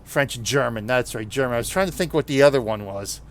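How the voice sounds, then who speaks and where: Northeast us guy rambling to his stream while driving, laughs a lot, middle-pitched voice. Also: fast talker. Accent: Northeastern American. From United States. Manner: rambling, chatty, laughs often. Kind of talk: gameplay commentary chatting with viewers.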